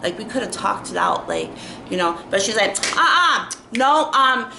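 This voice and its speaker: A woman's voice: lowish voice, fairly even intonation, normal speed, gravelly, noisy background. A young woman telling an exasperated storytime rant, full of "like" and fillers. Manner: exasperated, filler-heavy with constant "like". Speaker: vlogger. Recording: echoey room with faint ambience.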